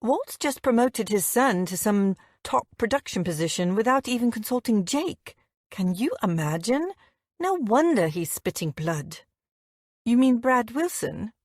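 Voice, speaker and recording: A woman narrating a first-person romance audiobook in an intimate, expressive way, voicing the dialogue as she reads. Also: mid-range voice, unhurried, dry recording, clean studio sound.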